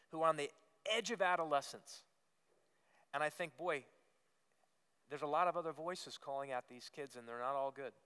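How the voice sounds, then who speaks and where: A man's voice: on the high side, pushed and bright, smooth. A man preaching a sermon as pastor, earnest and emphatic, repeating phrases and rising on key words. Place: church sanctuary. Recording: long reverb of a church hall.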